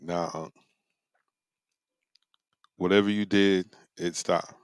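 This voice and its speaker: A man co-hosting, answering in short, calm remarks. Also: low voice, very slow, smooth, no echo.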